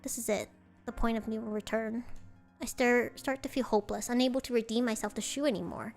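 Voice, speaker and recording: A woman's voice: on the high side, a little fast, soft background music. A woman streamer reading a visual novel aloud, breaking off to react with dismay.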